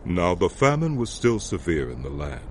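A man giving scripted narration for an audio drama, telling the story in a measured way. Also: deep voice, very animated, a little mellow, a little hiss or hum.

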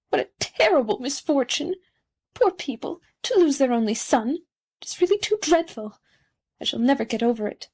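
A vain firework rocket, sniffy and self-important, played by a woman reading a storybook. He sits a touch higher than her narrating voice and swings about in grand affronted tones. Every word puts himself first. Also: a little mellow, lightly acted. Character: pompous conceited male firework rocket.

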